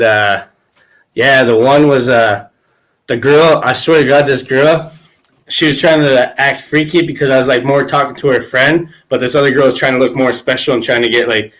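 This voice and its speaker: A man's voice: mid-range voice, normal speed, a bit bright. A man hosting a podcast, telling crude stories in casual chat and laughing often. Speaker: podcast host.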